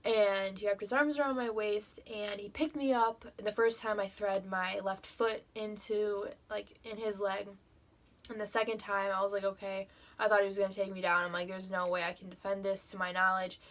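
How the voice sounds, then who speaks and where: A woman's voice: medium pitch, level tone, normal speed, a bit bright. A young woman telling a personal story to the camera in a casual vlog, emotional and full of fillers, with frequent swearing. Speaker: vlogger.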